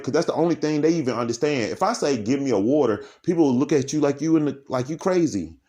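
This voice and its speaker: A man vlogging alone in a dark room by candlelight, rambling from topic to topic and laughing as he talks. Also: medium pitch, fast talker, few pauses. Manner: animated, laughing, jumps between topics. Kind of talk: rambling stream-of-consciousness monologue.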